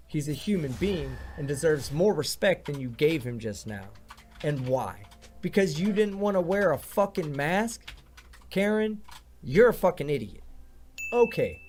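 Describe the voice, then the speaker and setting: A man's voice: on the high side, darkish tone, slight background noise. A man hosting a reaction video, delivering sarcastic commentary full of blunt, profane insults. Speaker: video host reacting to clips.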